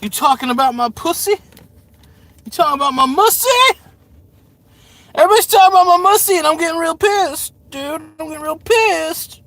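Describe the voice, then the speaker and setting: A man putting on a squeaky, indignant voice of someone mock-yelling that everyone is talking about him, in comic outrage, inside a car. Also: fairly quick, dry recording. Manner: shrill, exaggerated, comic outrage.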